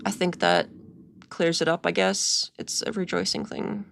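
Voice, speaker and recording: A woman's voice: on the low side, big pitch swings, a little slow, creaky, fairly bright tone, slight background noise. A woman hosting a live reaction stream, giggly and sarcastic as she mocks what she watches. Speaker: host of a watch-along stream.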